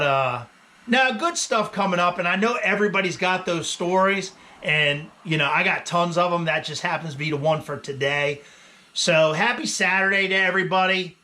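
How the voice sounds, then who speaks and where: A man's voice: high voice, sharp tone. A man in his forties, a firefighter, telling a story in a casual vlog in a laid-back way, laughing often and saying "man" a lot. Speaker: vlogger, firefighter.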